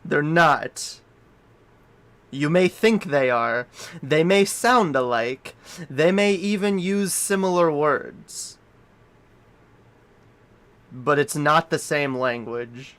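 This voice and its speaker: A man from Canada rants on a livestream in slow, drawn-out sentences that are full of swearing and restarts. His voice sits a little higher than a typical man's. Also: a bit bright. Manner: profane, rambling rant. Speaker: streamer. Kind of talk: casual livestream chat.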